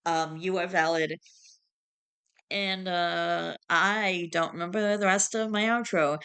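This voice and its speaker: A woman's voice: fairly low pitch, fairly even intonation, takes it slowly, fairly bright tone, clear, resonant tone. Woman dramatically reading a post. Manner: dramatic, mock-solemn reading with asides. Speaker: host reading online posts. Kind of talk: reading a post aloud to camera.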